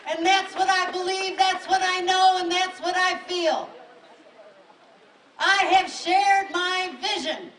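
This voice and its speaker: A woman's voice: very high-pitched, steady tone, slow, a bit bright. A woman from Western New York with a Western New York accent, a congressional candidate giving an emphatic, rousing speech at an outdoor rally. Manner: rousing, emphatic, punchy repeated lines. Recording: echoey, distant from mic, crowd noise.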